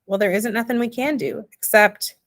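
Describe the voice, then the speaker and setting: A woman reading the part of a small, homely father who explains things slowly in plain, ungrammatical speech. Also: a little high, fairly bright tone, lightly acted. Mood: soothing. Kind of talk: audiobook character reading.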